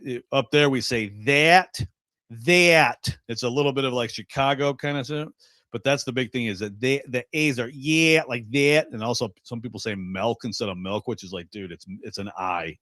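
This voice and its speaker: A man's voice: medium pitch, moderate pace, a bit bright, no echo. A man from Western Michigan co-hosting sports radio, chatting in a rambling, jokey way. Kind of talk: casual radio banter.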